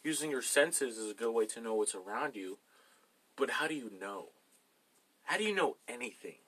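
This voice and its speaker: Brief: male podcast co-host, casual joking storyteller, bright tone, lively pitch. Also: moderate pace, husky. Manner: joking, animated storyteller with restarts. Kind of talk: casual chat.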